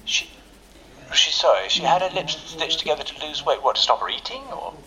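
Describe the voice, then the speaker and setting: A man's voice: a little high, lively intonation, a little fast, bright, forceful tone, poor audio. An actor playing an older male actor from London, earnest and hesitant, stammering through a radio comedy. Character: aging male actor, shy, old-fashioned, lonely. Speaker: aging actor at an audition.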